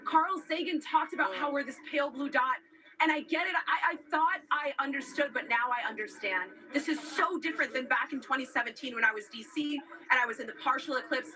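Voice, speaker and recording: A woman's voice: high voice, a little fast, bright, forceful tone, far from the mic, slight background noise. A woman meteorologist reporting live from outdoors among a crowd, awed and close to tears. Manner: emotional, awed, near tears.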